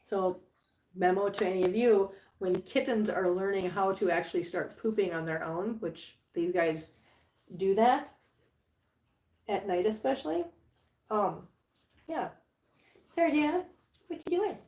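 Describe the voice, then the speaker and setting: A woman's voice: mid-range voice, a little slow, pauses often, darkish tone. A woman hosting a casual live stream from her home, chatting to viewers about her cats and laughing often. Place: home living room. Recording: roomy home sound with faint background hiss.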